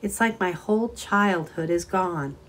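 A timid young woman, close to tears, as voiced by a woman reading aloud, talks softly and wistfully. The voice lifts a little above the reader's low narration while staying gentle and hesitant, a storybook heroine in a quiet moment. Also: unhurried, a little hiss or hum. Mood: sad wistful. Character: sad young woman clerk, tearful and timid.

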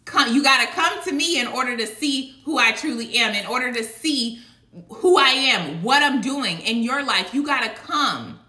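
A woman's voice: high voice, lively intonation, normal speed, pushed and bright. Emphatic woman preaching in an echoey room. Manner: emphatic, colloquial, rhetorical. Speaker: online preacher. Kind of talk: casual devotional preaching.

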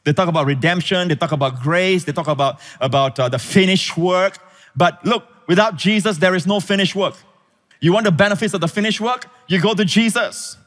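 A man's voice: sits high, brisk. Man preaching in an echoing hall. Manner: preaching to a congregation, calling for amens, rising to shouted emphasis. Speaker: pastor. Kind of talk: sermon. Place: church auditorium. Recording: large hall reverb.

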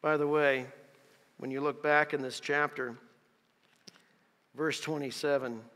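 A man's voice: fairly high pitch, flat delivery, measured pace, a bit bright, long reverb tail. A man preaching a sermon as pastor, reading scripture with emphatic, dramatic delivery. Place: church sanctuary.

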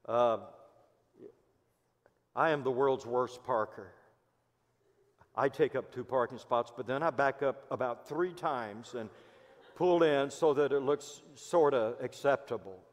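A man with a Midwestern American accent, a pastor preaching a sermon in church and telling stories, swinging between loud emphasis and hushed asides. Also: mid-range voice. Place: church sanctuary. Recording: long hall reverb.

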